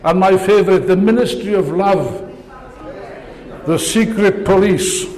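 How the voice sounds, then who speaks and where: A man's voice: high-pitched, unhurried, a little mellow. Sarcastic older man speaking in a hall. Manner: sarcastic, rousing, rhetorical questions. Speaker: political speaker. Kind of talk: political speech.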